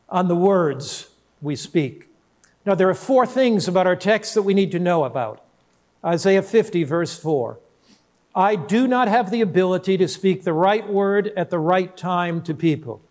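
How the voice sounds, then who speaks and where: A man's voice: high-pitched, a little mellow. A middle-aged male pastor preaching a sermon, asking the congregation question after question and acting out people in his stories. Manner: asks the congregation rapid rhetorical questions; voices quoted people in a story.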